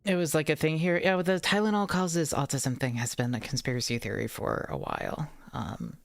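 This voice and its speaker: A woman streamer in pain and low on energy, rambling casually with her chat and swearing now and then. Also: animated, moderate pace, creaky, no echo, clean studio sound.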